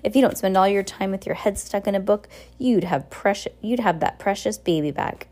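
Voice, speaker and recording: A woman's voice: mid-range voice, fairly quick, darkish tone, lightly acted. A woman voicing a scornful, vain villainous woman in an audiobook, with a mocking, sneering delivery. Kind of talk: audiobook reading.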